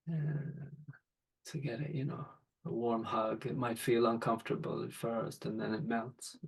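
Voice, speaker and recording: A man talking as a podcast guest and father, in a gentle, thoughtful, unhurried conversation. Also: medium pitch, level tone, vocal fry, husky, rough recording. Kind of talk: reflective conversation.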